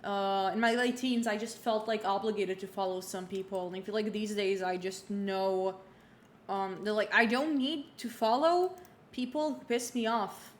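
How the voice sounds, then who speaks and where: A young woman streams from home, talking loosely with lots of fillers and restarts. Her mid-pitched voice has a roomy echo, and a faint hum sits under it. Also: normal speed. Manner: rambling, many fillers and restarts. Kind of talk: casual livestream chat while playing.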